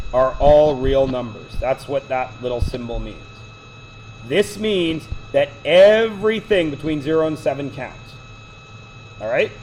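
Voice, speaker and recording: A man's voice: a little high, darkish tone, a little hiss or hum, poor audio. A man teaching math to a class, lecturing with chatty, joking side stories. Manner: chatty, digressive, joking asides.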